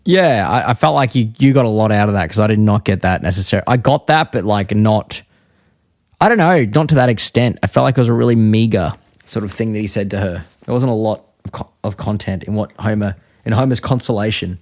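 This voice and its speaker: A man chatting on a podcast, recounting scenes in a loose, rambling way and acting out quoted lines as he goes. His voice sits at an ordinary pitch, and the sound is dry and close, with no room around it. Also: a little fast, a little mellow, no echo. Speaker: podcast co-host. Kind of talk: casual chat recapping an episode.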